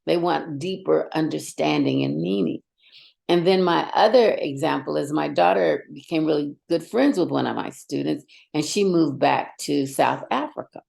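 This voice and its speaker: A middle-aged woman, a longtime educator, telling animated stories in a direct, emphatic way as a podcast guest. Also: low-pitched, moderate pace, vocal fry. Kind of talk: storytelling in conversation.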